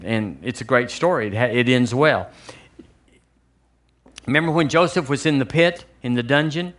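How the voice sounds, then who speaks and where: A middle-aged pastor with a Southern American accent preaches slowly and emphatically, repeating himself and calling on the congregation to say it with him. His voice is medium in pitch and a bit bright.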